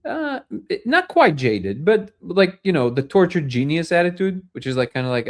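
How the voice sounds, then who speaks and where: A man's voice: fairly high pitch, sing-song, normal speed, few pauses. A man hosting a live discussion show, telling stories in a rambling way with many fillers and restarts. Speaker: host.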